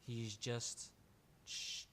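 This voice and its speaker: A man's voice: drawn-out words, a bit bright, slight background noise. A man running a tabletop role-playing game as game master, narrating in a casual way with many fillers and restarts.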